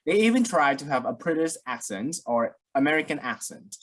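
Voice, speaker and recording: A man's voice: on the high side, very animated, fairly quick, fairly bright tone. A man moderating a webinar panel, polite, with frequent uhs.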